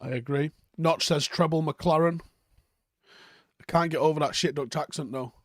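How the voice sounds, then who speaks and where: A man's voice: fairly high pitch, measured pace, pauses often, no echo, studio quality. Sweary guy ranting over chat. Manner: sweary, rambling, with frequent ums. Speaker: fan channel host reading live chat. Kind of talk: casual live-stream chat.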